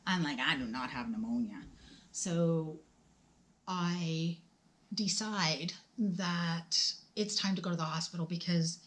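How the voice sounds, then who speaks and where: A woman's voice: lowish voice, slow pace, fairly bright tone. Woman in her forties telling a personal story. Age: 40s. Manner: conversational, emotional, acts out dialogue, drops to whispers. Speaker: vlogger.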